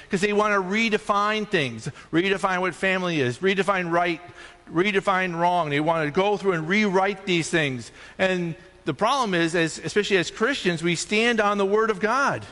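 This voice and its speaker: A male pastor delivering an animated sermon, his voice climbing high on points of emphasis. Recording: long hall reverb.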